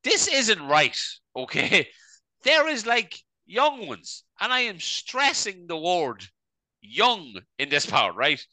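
A man's voice: sits high, wildly swooping pitch, slow, bright, forceful tone, no room sound. A man co-hosting a casual comedy podcast, rambling and tagging "right?" onto his sentences. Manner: rambling, peppers speech with "right?". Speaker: podcast co-host.

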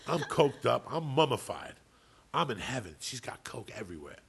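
A man's voice: medium pitch, big pitch swings, moderate pace, creaky, breathy edge. A man co-hosting a podcast, telling a long story in a casual, profane, rambling way. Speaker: podcast co-host.

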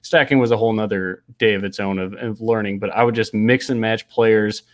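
A man's voice: on the low side, steady tone, brisk, dry recording. A young man with a Midwestern accent, a podcast guest talking casually and with self-deprecating humor. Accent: Midwestern American.

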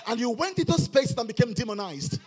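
A middle-aged male pastor preaching a sermon, rising into shouted, sing-song emphasis. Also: very high voice, sing-song, fairly quick, breathy edge.

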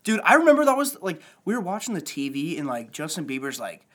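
Excitable profane young man, lively voice. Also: on the high side, fast talker. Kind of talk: casual chat.

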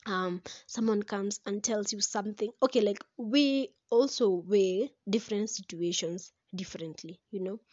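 A young woman, talking casually to camera about relationships in a chatty, animated way. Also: mid-range voice, normal speed, hardly any pauses, no echo, dull audio. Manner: chatty and animated, breaks into laughter, slips into Swahili. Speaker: vlogger.

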